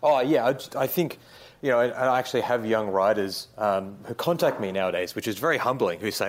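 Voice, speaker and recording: Rambling young Australian man, lowish voice. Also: fairly quick. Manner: relaxed, rambling with many fillers. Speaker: guest, writer. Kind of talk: casual interview.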